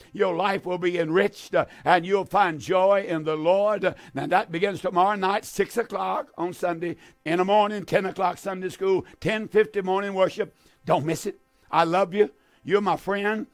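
On a religious call-in radio program, an older pastor speaks in a high-pitched voice, warmly driving his points home with emphatic repetition. There is no echo on the audio.

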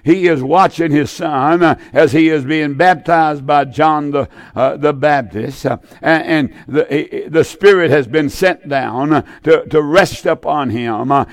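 A man preaching on the radio, reading scripture and stumbling often with fillers and restarts. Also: a little high. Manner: halting, many fillers and restarts.

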